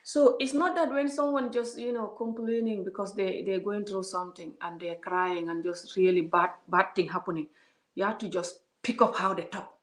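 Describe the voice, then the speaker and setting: A woman's voice: mid-range voice, steady tone, moderate pace. Emphatic woman in an echoey room. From Gambia. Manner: emphatic, preachy, repeats words and asks rhetorical questions. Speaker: vlogger. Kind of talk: opinionated vlog monologue. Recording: roomy echo.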